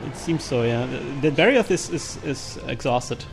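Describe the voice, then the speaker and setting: A man's voice: medium pitch, moderate pace, music in the background. A man hosting a co-op game session in casual chat, joking and laughing often. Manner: laughs often, excitable, jokey. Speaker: gamer hosting a co-op stream.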